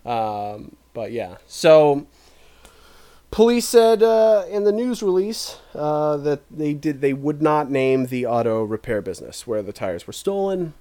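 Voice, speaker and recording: A man co-hosting a loose comedy news podcast, his voice sitting a bit high and swinging widely in pitch. He laughs easily and drops into quick impressions of the people in his stories. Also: very animated, warm tone. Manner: amused, laughs often, acts out people in quick bits. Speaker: podcast co-host. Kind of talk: casual chat reading news stories.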